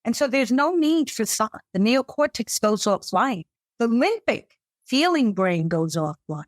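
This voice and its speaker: A middle-aged woman psychotherapist, speaking as a guest in an interview, expressive and acting out her clients' voices. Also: fairly high pitch, a little slow, no room sound. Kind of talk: interview conversation. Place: US capital region.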